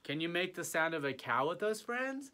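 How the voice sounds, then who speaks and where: A man's voice: on the high side, sing-song, normal speed, sharp tone. A man teaching an early childhood music lesson, playfully inviting young children to join in with animal sounds and singing.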